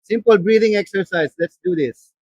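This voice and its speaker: An animated man with a Filipino accent leads a voice workshop, switching between English and Tagalog as he explains and demonstrates. His voice sits a bit high for a man and sounds dry and close, with little room sound. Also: normal speed, no echo, dull audio. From Philippines. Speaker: voice acting coach. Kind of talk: seminar lecture.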